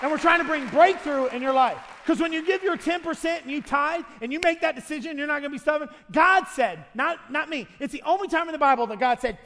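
A man's voice: very high-pitched, animated, fairly quick, vocal fry, fairly bright tone. A man in his thirties preaching a sermon as pastor, pleading and impassioned, his voice carried through a church sanctuary. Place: church sanctuary with long reverb. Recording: long hall reverb.

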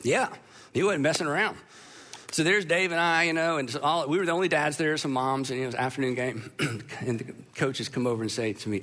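A middle-aged man preaching in a high, bright voice. He tells a story from his own life, cracks jokes at his own expense and drops in animated asides. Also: a little fast. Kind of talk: sermon with personal story.

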